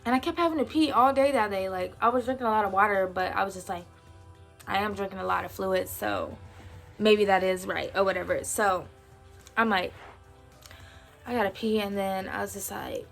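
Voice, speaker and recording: Woman, 20s, casual storytime vlogger, slangy, gravelly fry, faint music bed. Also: medium pitch, moderate pace. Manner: chatty, slangy, acts out quotes.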